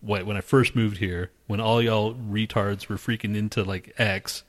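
A man's voice: lowish voice, fairly even intonation, normal speed. A man with a Texan accent co-hosting a casual podcast, telling a rambling story full of swearing. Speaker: podcast co-host. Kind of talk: casual crude podcast banter.

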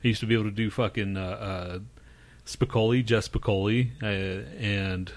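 Male podcast co-host, low voice, profane and rambling, casual banter. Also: steady tone, moderate pace. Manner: profane, rambling, laughs often.

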